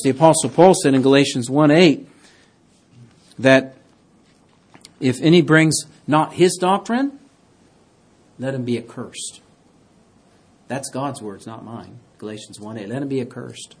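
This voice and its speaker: A man preaching a sermon, reading scripture aloud and swinging between loud, emphatic declarations and quiet, hushed asides. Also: on the high side, slightly rough. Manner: reads scripture in King James wording.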